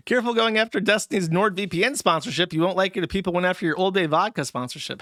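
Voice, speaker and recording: Male host, mocking profane ranter, slightly high pitch, dry close recording. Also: a little fast, pushed and bright, no echo. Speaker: livestream host reading donations. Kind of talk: casual livestream rant.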